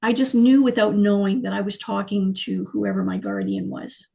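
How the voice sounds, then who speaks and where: A middle-aged woman, telling her life story as an interview guest in an animated, emotional way. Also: mid-range voice, moderate pace, vocal fry, rough recording. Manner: animated, emotional, frequent fillers and restarts. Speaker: guest, clairvoyant healer.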